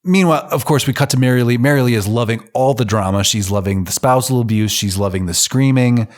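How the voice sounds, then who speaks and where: A man's voice: mid-range voice, fast talker. A man casually recapping an old film on a podcast, joking, swearing and acting out the characters' lines. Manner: loose, profane, acts out characters' lines in quotes. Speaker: podcast co-host.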